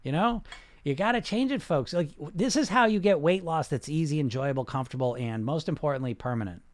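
On a live-streamed podcast, a man reads live comments and talks directly to listeners, rambling and emphatic, with repeated restarts and frequent "you know." He sounds animated, speaking fairly quickly with a fairly high pitch.

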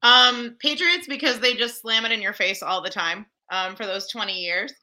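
A woman guest telling a story in casual chat, animated and full of fillers. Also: on the high side, normal speed, low-quality recording. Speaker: podcast guest.

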